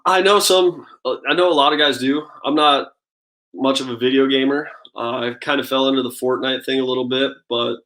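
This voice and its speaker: A man in his thirties, a baseball pitcher, chatting casually as an interview guest and telling relaxed stories full of "like" and "I mean". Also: fairly quick, rough recording. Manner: relaxed storytelling, lots of "like" and "I mean".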